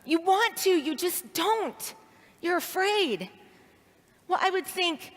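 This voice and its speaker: Slowly and with frequent pauses, a woman whose pitch is extremely high tells an audience a personal story at a leadership training event, expressively acting out her inner voice. The large hall makes the recording reverberant.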